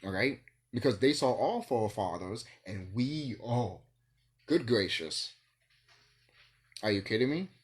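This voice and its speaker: A man's voice: lowish voice, expressive, a little slow, pauses often. A man vlogging in a rambling solo monologue, ranting and swearing, with bursts of laughter.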